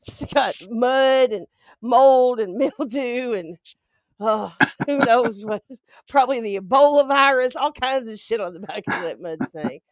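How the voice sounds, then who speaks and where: A woman co-hosting a casual comedy chat show who giggles a lot. Her voice is high, and she talks slowly. The sound is dry and close. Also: no echo. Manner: giggly, laughs often. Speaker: co-host.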